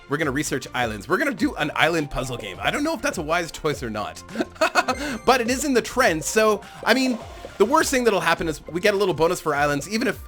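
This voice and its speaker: A man's voice: fairly high pitch, fairly bright tone. A man casually commentating on a management game he is playing, rambling and amused at himself, laughing often. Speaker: gaming channel host.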